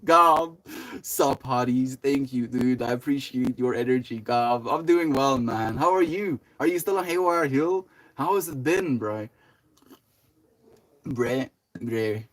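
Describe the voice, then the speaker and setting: A young male streamer talks in a loose, meandering way, greeting viewers and answering chat as he goes. His voice sits at an ordinary middle pitch and he fills his sentences with "like", "you know" and "man". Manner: rambling, laid-back, full of "like", "you know" and "dude". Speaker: livestreamer. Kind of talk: casual livestream chat, reading and answering chat.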